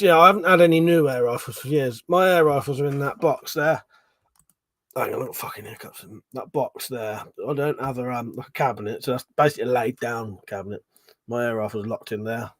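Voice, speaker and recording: A man's voice: mid-range voice, brisk, a bit bright. A man hosting a casual livestream, rambling, swearing freely and reading viewers' chat aloud. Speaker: livestream host.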